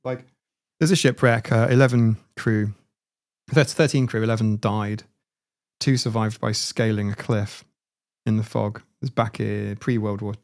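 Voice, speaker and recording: A man's voice: lowish voice, steady tone, normal speed. A man hosting a livestream in a casual, rambling chat. He laughs often and restarts his words. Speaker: livestream host.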